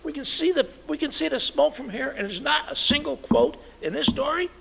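A man's voice: extremely high pitch, lively intonation, a little fast, gravelly, slight background noise, voice pushed up, full character voice. A man putting on a raging newspaper boss. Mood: furious. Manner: shouting, profane, demanding. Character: furious male newspaper managing editor, gruff, bossy.

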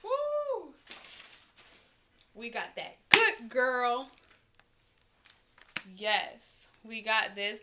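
A woman vlogger talking casually and excitedly to her viewers as she unboxes and tries on a small clothing haul. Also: mid-range voice, background noise. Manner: chatty and excitable, talks straight to viewers.

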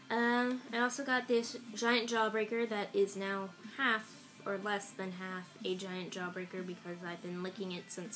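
A woman's voice: mid-range voice, fairly bright tone, rough recording. A young woman rambling casually through a haul video, recorded on an iPad. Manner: rambling and offhand, with fillers. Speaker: vlogger. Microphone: iPad camera. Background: faint music from a radio.

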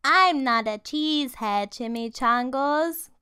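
A woman's voice: high voice, takes it slowly, pushed and bright, clean tone, dry recording, clean studio sound, exaggerated voice. A woman voicing a playful young male kitten who thinks he is a chihuahua, squealing and sing-song, with a put-on Spanish accent. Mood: chuckling.

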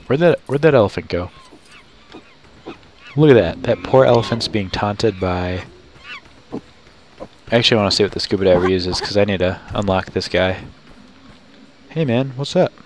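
A man playing a building game and commenting casually, goofy and excitable with sudden high yelps. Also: normal speed, long pauses, slight background noise. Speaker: gamer. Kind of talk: casual let's play commentary.

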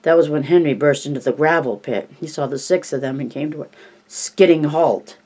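A man narrating a novel in an even, measured storytelling voice. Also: a little high, low-quality recording. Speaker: audiobook narrator.

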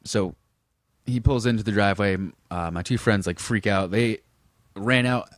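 A man's voice: lowish voice, moderate pace, dry recording, studio quality. A man from Massachusetts, a comedian guest on a podcast, telling a story in a laid-back, giggly way. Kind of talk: casual podcast chat.

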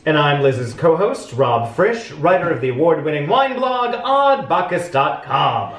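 A man's voice: on the high side, very animated, unhurried, fairly bright tone, roomy sound. A man co-hosting a wine show, chatting with gushing enthusiasm. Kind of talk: casual chat.

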